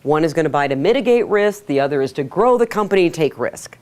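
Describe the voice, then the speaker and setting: A woman teaching a sales workshop to a live audience, energetic, asking the room questions and acting out quotes. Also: sits low, fast. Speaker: sales trainer. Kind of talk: workshop lecture.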